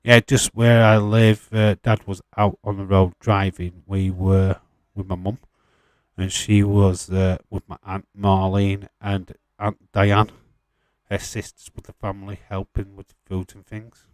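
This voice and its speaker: A fairly low-pitched man talks casually on a live stream, joking and laughing as he reads out viewer comments. His voice is recorded very dry and close, with no room sound around it. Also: flat delivery, unhurried, no room sound. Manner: chatty and jokey, laughs often, swears casually. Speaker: streamer hosting a wrestling watch-along.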